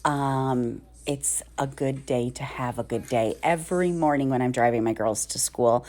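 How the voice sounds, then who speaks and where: A woman's voice: extremely low pitch, normal speed, a little mellow. A woman vlogger and mom, telling stories in a casual, chatty way while doing chores in her home kitchen, often laughing mid-sentence.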